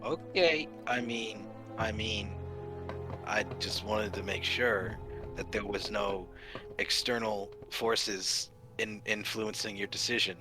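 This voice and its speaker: Low-voiced joking man over music. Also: slow. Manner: joking, cocky, playful. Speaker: tabletop player. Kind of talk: in-character roleplay banter.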